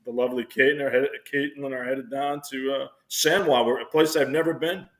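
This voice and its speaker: A man with a mid-range voice chats casually on sports radio. He is easygoing and hesitant, with pauses in his speech. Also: medium pitch, steady tone.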